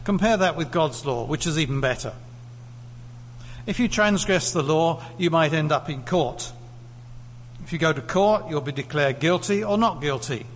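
A man's voice: fairly high pitch, lively intonation, moderate pace. A man from the UK preaching a sermon in a conversational way, putting questions to the congregation. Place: church hall. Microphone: lectern mic. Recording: echoey hall, faint hum.

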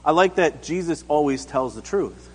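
A man with a high voice gives a relaxed, conversational sermon, acting out little scenes and asking his listeners questions. His voice rings with the long reverb of a large hall. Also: normal speed, slightly rough. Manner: casual, acts out quotes, asks the congregation questions. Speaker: pastor.

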